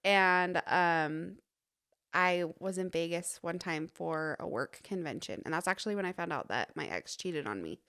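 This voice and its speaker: Young adult woman from Utah, animated storyteller guest on a casual podcast. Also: normal speed, smooth. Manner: animated storytelling, acting out dialogue in a raised pitch. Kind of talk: casual chat.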